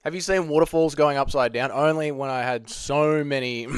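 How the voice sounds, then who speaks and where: A man's voice: fairly high pitch, normal speed, smooth, no room sound, clean studio sound. Jokey man hosting a livestream Q&A. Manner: jokey, reads chat questions aloud and riffs on them. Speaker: livestream host answering chat. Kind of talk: casual livestream Q&A. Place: at home.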